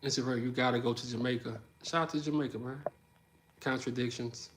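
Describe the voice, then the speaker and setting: A man's voice: mid-range voice, a little fast. A young man with a New Orleans Southern accent, chatting casually on a livestream, answering comments and telling stories with frequent laughter. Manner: laughing often, animated storytelling. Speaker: livestream host.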